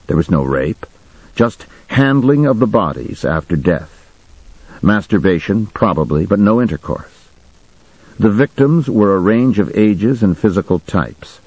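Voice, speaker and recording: A man narrating a first-person audiobook in a measured, matter-of-fact way. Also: low-pitched, a little mellow, breathy edge, dry recording, poor audio.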